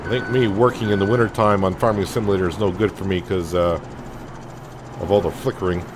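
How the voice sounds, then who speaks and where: A man's voice: low voice, steady tone, a little fast, noisy background. A man casually commenting as he plays a farming game, thinking aloud with many fillers. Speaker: gaming channel host. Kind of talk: casual let's-play commentary.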